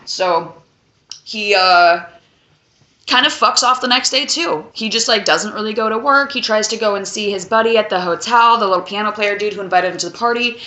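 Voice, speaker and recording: A woman's voice: medium pitch, moderate pace, pushed and bright. A young woman reviewing a film in a casual video, blunt, profane and sarcastic. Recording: roomy echo.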